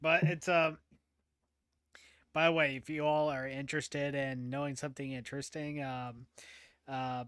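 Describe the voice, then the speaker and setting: A man's voice: mid-range voice, little pitch movement, measured pace, pauses often, a bit bright, smooth, dry recording, studio quality. A man hosting a casual podcast chat, talking in a loose, chatty way with lots of fillers, restarts and laughter. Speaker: podcast host.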